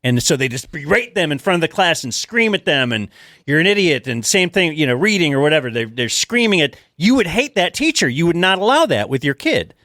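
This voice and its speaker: A middle-aged talk show host sets up a long, rambling question in casual chat. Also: male voice, on the high side, sing-song, a little fast, hardly any pauses, pushed and bright, dry recording, studio quality.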